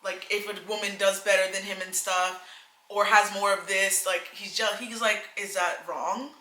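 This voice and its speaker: A young woman chats emphatically and gives advice to young women, her voice very bright and forward. The room around her rings with echo. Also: medium pitch, flat delivery, normal speed. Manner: chatty, emphatic, laughs often, acts out quoted men. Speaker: co-host. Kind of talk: casual chat, giving advice to young women. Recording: echoey room.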